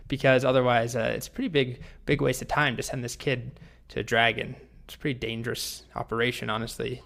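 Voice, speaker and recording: A male programming instructor with a mid-pitched voice. He talks in a relaxed, chatty way and restarts his phrases now and then. His delivery suits a storytelling lesson. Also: creaky.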